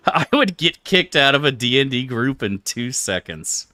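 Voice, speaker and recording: Man, game streamer, casual commentary, animated, swears a lot, bright forceful voice. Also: medium pitch, slow. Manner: animated, profane, laughs often.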